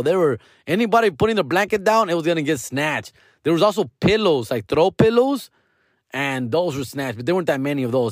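A man's voice: medium pitch, no room sound, clean studio sound. A man telling a casual story to his followers, slangy and profane, mixing Spanish words into his English. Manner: peppers talk with "fool" and "dog". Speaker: actor vlogging to followers.

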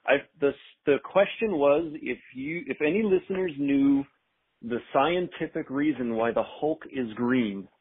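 A man's voice: medium pitch, measured pace, husky. A man with a South Side Chicago accent, calling in to a show and telling a story in a laid-back, chatty voicemail. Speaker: caller leaving a voicemail. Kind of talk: casual call-in message. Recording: tinny phone line.

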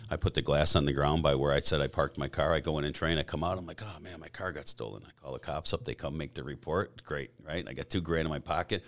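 A middle-aged man telling stories as a podcast guest in a casual, rambling way, often clearing his throat. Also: very deep voice, fairly even intonation, fast, few pauses. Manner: rambling, frequent throat clearing, acts out quoted dialogue. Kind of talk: casual storytelling.

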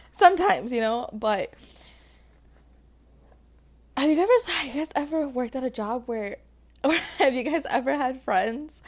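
Woman, vlogger, somewhat high voice, casual heartfelt talk, chatty, emotional, lots of fillers. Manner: chatty, emotional, calls viewers sis and babe, many likes. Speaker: vlogger giving relationship advice.

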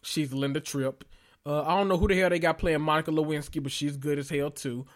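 A man's voice: on the high side, a little fast. Sassy man recapping reality TV. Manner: sassy, gossipy, expressive with frequent laughs. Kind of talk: casual commentary vlog.

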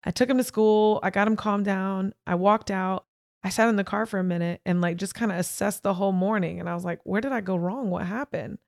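A woman's voice: mid-range voice, fairly even intonation, brisk, darkish tone, no room sound, clean studio sound. A young woman hosting a podcast, frankly and emphatically telling a personal story straight to her listeners. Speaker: podcast host. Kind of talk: candid personal storytelling monologue.

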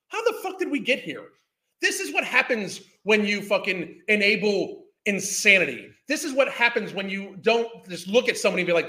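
A man's voice: sits high, sing-song, moderate pace, sharp tone. A man, ranting in a heated, profane, scornful way as a podcast host. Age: 50s. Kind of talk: ranting commentary.

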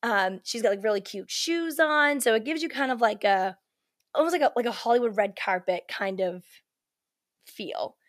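A woman telling a story as a podcast guest, in a chatty, animated way full of "like" and "you know", acting out what people said. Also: a little high, moderate pace. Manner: animated, acts out quoted lines. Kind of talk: casual storytelling chat.

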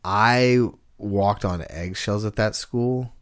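A man with a lowish voice tells stories on a relaxed podcast. His delivery is animated and loose, peppered with "like." He sounds chatty and unscripted. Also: takes it slowly, smooth. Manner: animated storyteller, heavy use of "like". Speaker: podcast co-host. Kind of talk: casual storytelling chat.

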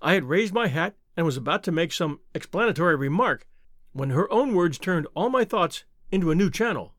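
A man reading a classic novel aloud as an expressive first-person narrator. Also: on the high side, a little fast, no room sound, studio quality.

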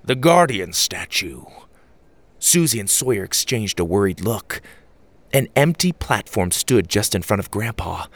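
A man reading a children's adventure story aloud, animated and expressive. His voice is gravelly and swings widely in pitch. The recording is close and dry. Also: moderate pace, dry recording. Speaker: narrator.

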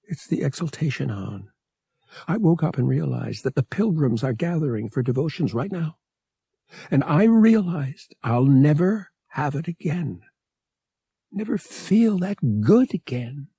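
A woman's voice: low-pitched, very animated, measured pace, vocal fry, dark tone, breathy edge, no room sound, voice pushed up, heavily acted. A man voicing a tearful young woman in withdrawal, sniffling and pleading. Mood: mournful.

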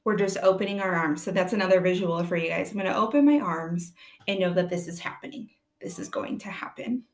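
Gentle, earnest young mother giving advice. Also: lowish voice, fast. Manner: gentle, earnest, repeats key phrases. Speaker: parent giving advice on children's grief. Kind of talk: informal teaching talk to viewers.

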